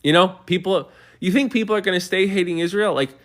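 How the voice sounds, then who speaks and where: A man's voice: high-pitched, quick pace. A man hosting a livestream, answering viewer comments in a heated, argumentative way with many stumbling restarts. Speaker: livestream host.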